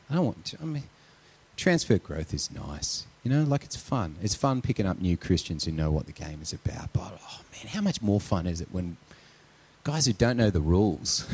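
A deep, darkish, slightly rough voice belongs to an adult male pastor. He delivers a conversational sermon built around a story, often adding "right?" to his points.

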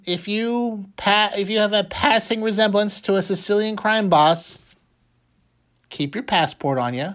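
A man's voice: high-pitched, pushed and bright. A man hosting a radio show, recapping the news in a casual, rambling, jokey way and often repeating words. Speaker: radio host.

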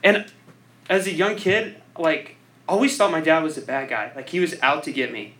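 A young man gives an informal speech to a group, rambling, leaning heavily on "like," and laughing at his own self-deprecating jokes. His voice is fairly high, bright and forceful, at normal speed. The recording quality is low.

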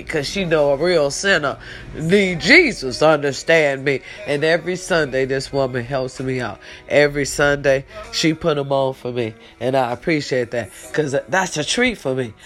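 Emotional woman talking to viewers. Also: sits low. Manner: emotional, repeats phrases, speaks straight to viewers; preachy and encouraging, praises God and family. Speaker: online show host. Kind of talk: casual heartfelt livestream talk.

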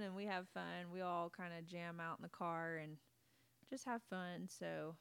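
Bubbly woman with a smooth voice. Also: fairly low pitch, steady tone, measured pace, a bit bright, no echo. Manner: bubbly, laughs often, acts out quotes. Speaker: podcast co-host. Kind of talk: casual faith-based chat.

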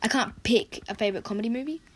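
Young woman, croaky voice today, rambly casual vlog chat, keeps fixing herself. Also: fairly high pitch, fast talker. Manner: rambling, chatty, self-correcting. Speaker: vlogger. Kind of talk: casual movie countdown chat.

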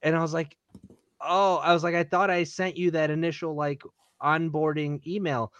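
Comic creator guest, male, lively anecdote teller, slightly high voice, dead-dry booth sound. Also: moderate pace, no echo. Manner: animated storyteller, quotes others, laughs often. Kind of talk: casual podcast chat.

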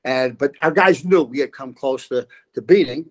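Older man, lively football coach. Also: mid-range voice, normal speed. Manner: lively storyteller, laughs often. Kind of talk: casual podcast chat.

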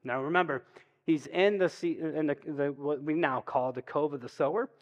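A man preaching a sermon as pastor, in a relaxed, conversational storytelling way, often checking in with "right?". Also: a little high, normal speed, muffled recording. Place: church sanctuary. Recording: long reverb of a church hall.

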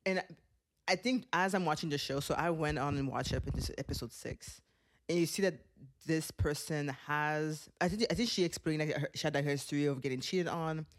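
A man with a fairly high voice co-hosts a casual podcast chat. He laughs a lot, gets animated, and jumps in quickly while talking over a reality show. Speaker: podcast co-host.

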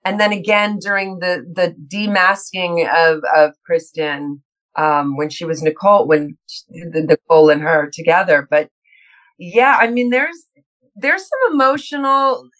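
A middle-aged woman, a guest actress, chatting in an interview and telling lively stories about her work, acting out her own nervous thoughts with laughs and restarts. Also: lowish voice, a little slow, low-quality recording. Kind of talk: casual interview chat.

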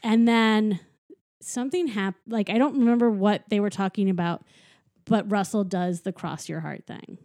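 A woman chatting casually and giggling as she retells a film plot, slipping into quick impressions of its characters. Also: medium pitch, no room sound, clean studio sound. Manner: giggly, animated retelling with acted quotes. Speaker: podcast co-host recapping a film. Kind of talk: casual chat.

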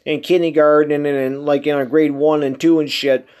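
A man's voice: on the high side, little pitch movement, fairly quick, a little mellow. A man hosting a casual solo podcast monologue, talking emphatically and incredulously, with heavy swearing. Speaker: podcast host.

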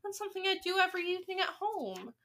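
Woman reader doing a spoiled mouse-boy, storybook figure, loud and indignant, high bright voice. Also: big pitch swings, fast, full character voice. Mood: curious. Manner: indignant and shouty.

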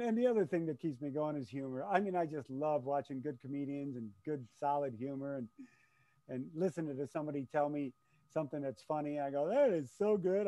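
An older man telling stories in a casual chat, animated and laughing often as he acts out his shouts. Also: fairly high pitch, no room sound, rough recording. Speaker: guest, race announcer. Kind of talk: casual storytelling.

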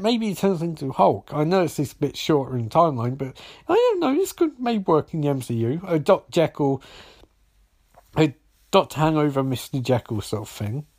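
A man's voice: a little high, sing-song, moderate pace, gravelly, darkish tone, slightly rough. A young man casually recapping a TV episode, swearing often and rambling through jokey asides.

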